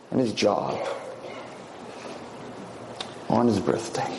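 A man's voice: mid-range voice, unhurried, vocal fry, pauses often, a little mellow, reverberant. A man giving a lecture to a class of girls, telling a dramatic story and acting out its characters.

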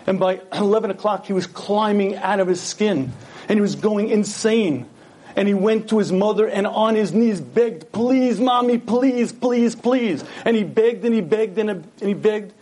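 A man's voice: high voice, a little mellow. A man giving an earnest Torah lecture, telling stories and asking his listeners rhetorical questions.

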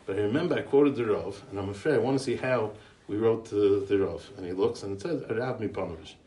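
This American man speaks fast in a fairly low, warm voice, telling anecdote after anecdote in a rambling, chatty eulogy. His English is laced with Yiddish and Hebrew yeshiva terms, he chuckles and restarts often, and the mic sits far off in a roomy space.

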